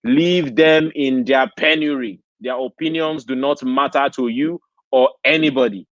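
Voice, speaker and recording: A man from Nigeria, speaking a little slowly in a medium-pitched, fairly bright voice, delivers a preachy motivational talk at a convention and keeps asking "okay?". The dry recording has a dull lo-fi sound.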